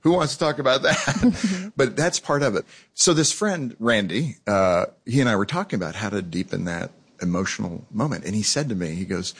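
A man hosting an interview, chatting in a relaxed, conversational way. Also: on the low side, normal speed, hardly any pauses, breathy edge. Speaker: radio show host. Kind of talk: casual interview chat.

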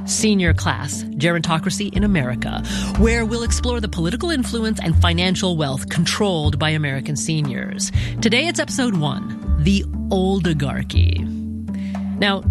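A woman hosting a radio program, narrating a scripted news segment in a measured, deliberate way. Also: lowish voice. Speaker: radio host. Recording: music bed behind voice.

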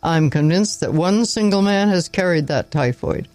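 A man reading the lines of a weary, contemptuous young country doctor who speaks in sharp, clipped phrases. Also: high-pitched, normal speed, no room sound, soft background music, natural voice. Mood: angry.

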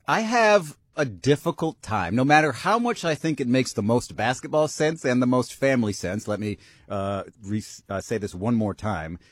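A man's voice: medium pitch, lively intonation, moderate pace, no room sound, clean studio sound. Chatty, opinionated male radio co-host. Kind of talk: casual sports talk radio.

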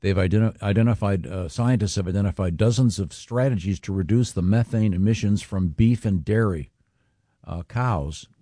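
A man hosts a morning radio show in a low, fairly deep voice. He talks in a halting, casual way, full of little stalls and restarts. The studio sound is dry and close. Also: dark tone, no room sound.

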